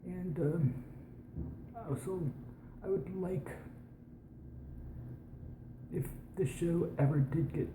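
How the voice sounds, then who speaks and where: A young American adult with a mellow, medium-pitched voice hosts a science show in a put-on posh British accent. His casual monologue rambles with many restarts and slow, stretched words, slipping into whispered asides. The room is echoey, with background noise.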